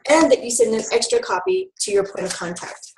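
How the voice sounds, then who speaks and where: A woman's voice: a little high, sing-song, a little fast, reverberant, slight background noise, rough recording. A woman giving an online training talk to new health educators, upbeat and instructive, with frequent ums.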